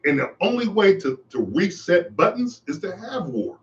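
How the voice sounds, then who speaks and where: A man's voice: a little high, big pitch swings, fairly quick, hardly any pauses. Man, podcast host, impassioned monologue, repeats himself, dull lo-fi sound. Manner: impassioned, preachy, repeats phrases. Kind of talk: monologue commentary.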